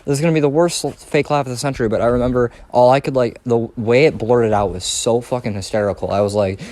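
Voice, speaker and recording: A man's voice: medium pitch, steady tone, quick pace, darkish tone, no echo. A young man telling a rambling, profane story in a casual vlog. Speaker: storytime vlogger.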